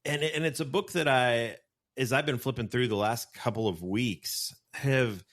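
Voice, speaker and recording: A man hosting a podcast interview, asking questions in a relaxed, playful, teasing way. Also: mid-range voice, a little slow. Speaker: podcast host.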